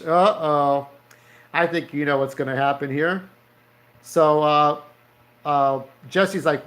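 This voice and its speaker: A man's voice: fairly high pitch, fairly even intonation, takes it slowly, long pauses, fairly bright tone. A man in his thirties telling a story in a casual vlog, rambling and swearing as he acts out the characters. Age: 30s. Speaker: vlogger.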